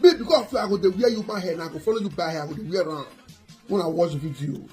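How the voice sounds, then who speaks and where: A Nigerian woman hosting a gossip channel, talking in an animated, excitable way. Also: fairly low pitch, very fast, faint music behind. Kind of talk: animated casual commentary.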